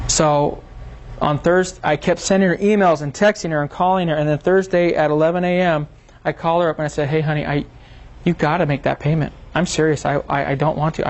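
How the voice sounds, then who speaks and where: A man presenting a seminar to a small group, talking casually and acting out quoted exchanges as he tells a story. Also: fairly high pitch. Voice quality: animated storyteller, acts out quotes.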